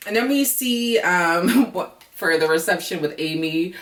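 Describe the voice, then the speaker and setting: A woman recapping a reality dating show in a casual vlog, chatty and blunt, cursing freely and jumping into excited high exclamations. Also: measured pace, echoey room, far from the mic.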